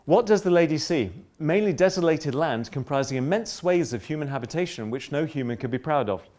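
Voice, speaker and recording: A man's voice: on the high side, a little fast. Guy lecturing, kinda polemical, lots of asides and restarts. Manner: animated, polemical, self-interrupting with asides. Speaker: professor giving a public lecture. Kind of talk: public lecture.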